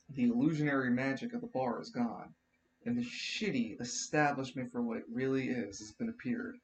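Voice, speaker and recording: A man narrating as game master in a tabletop role-playing game, casual, quick to swear and restart his sentences. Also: mid-range voice, darkish tone, slight background noise.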